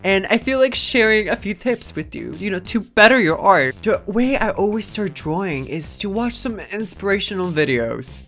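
Animated, mock-boastful woman narrating. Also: medium pitch, normal speed, few pauses, soft background music. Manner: playful, mock-boastful and sarcastic. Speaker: YouTube artist. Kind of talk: satirical drawing tutorial voice-over.

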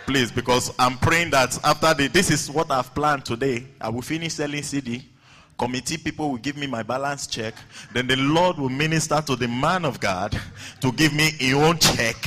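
A man's voice: medium pitch, sharp tone. A Nigerian man telling stand-up comedy stories at a large event, acting out scenes with voices and sounds.

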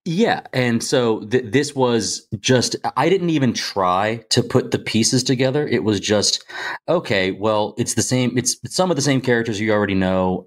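A man co-hosting a movie podcast, chatting casually and hesitantly with many restarts. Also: lowish voice. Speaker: podcast co-host.

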